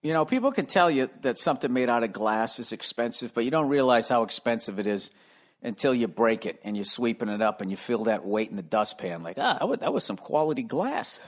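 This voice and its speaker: A middle-aged man hosting a podcast from his home, rambling loudly and profanely and losing his train of thought. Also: medium pitch, brisk. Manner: profane, loud, easily sidetracked. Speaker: podcast host. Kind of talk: rambling comedic monologue. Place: room at home.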